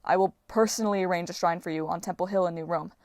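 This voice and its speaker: Woman reading a smooth-talking teen hero. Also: lowish voice, steady tone, a little mellow, no echo, studio quality, lightly acted. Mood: persuasive. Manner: persuasive, fast-talking. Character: quick-witted teenage male demigod hero.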